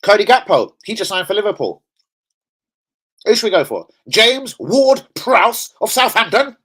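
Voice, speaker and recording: An angry man rants on a live stream as a football fan. He swears constantly and swings between loud outbursts and low, disgusted mutters. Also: very animated, unhurried, slightly rough.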